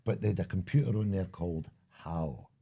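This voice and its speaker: A man's voice: deep voice, brisk, creaky, mellow, breathy edge. A Scottish man, the older co-host of a chat show, telling rambling stories and acting out voices along the way. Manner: rambling storyteller, acts out voices. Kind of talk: casual chat.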